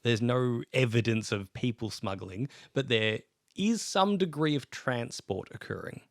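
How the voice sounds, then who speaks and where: A man running a tabletop role-playing podcast as its game master. He talks in a chatty, giggly way, full of restarts, at an ordinary mid pitch. The recording is dry and close. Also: expressive, measured pace, no echo.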